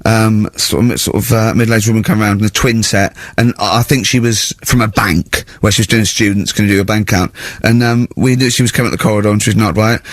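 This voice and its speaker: Guy on studio mic, dry close sound, lively storytelling host. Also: on the low side, fast talker, hardly any pauses, dry recording. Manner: animated storyteller, laughing, acting out voices. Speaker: radio host. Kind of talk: casual radio banter. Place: radio studio.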